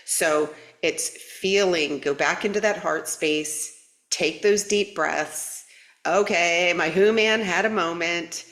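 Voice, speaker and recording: A woman hosting a live spiritual update in a casual, playful way, laughing often. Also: fairly bright tone. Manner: playful, giggly, with sudden high jumps. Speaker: spiritual channel and live stream host. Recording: roomy echo.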